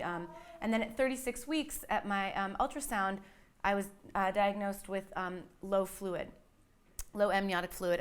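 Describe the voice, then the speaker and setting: A woman's voice: mid-range voice, fairly bright tone, smooth. A woman telling her birth story casually, rambling with lots of fillers and restarts, livening up when she quotes others.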